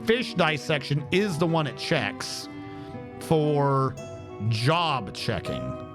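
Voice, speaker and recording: A man streaming a game, thinking aloud on a headset as he troubleshoots. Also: medium pitch. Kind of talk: casual gameplay commentary.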